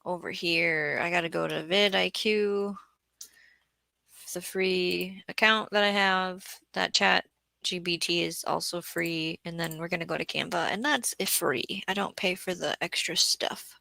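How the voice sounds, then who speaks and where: A woman hosting a casual gardening livestream, tired after a bad day, chatting and thinking aloud while reading viewer comments and clearing her throat often. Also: lowish voice, steady tone, measured pace, bright, forceful tone, dry recording. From Southeast Florida. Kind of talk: casual live-stream chat reading comments.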